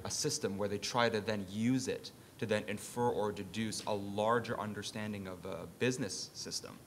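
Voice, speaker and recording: Low-voiced man, emphatic panel speaker. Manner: emphatic, rhetorical questions. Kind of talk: conference panel talk. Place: conference session room. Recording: faint background rumble.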